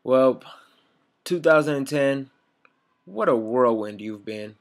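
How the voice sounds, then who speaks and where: A man's voice: medium pitch, expressive, slow pace. A young man telling rambling, sarcastic stories straight to camera, swearing freely as he goes. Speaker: vlogger. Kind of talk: casual storytelling monologue.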